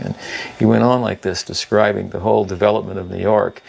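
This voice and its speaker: A man's voice: lowish voice, steady tone, fairly quick, vocal fry, a little mellow, husky. A man in his seventies, a monk, thoughtfully recalling a story in an interview. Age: 70s. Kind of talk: reminiscing interview.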